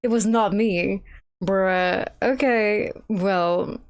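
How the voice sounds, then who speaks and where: A woman's voice: mid-range voice, fairly even intonation, extremely slow, smooth. A young woman giving casual, profane, blunt commentary while playing a video game, a bit sleepy. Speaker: let's play streamer. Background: game music and sounds.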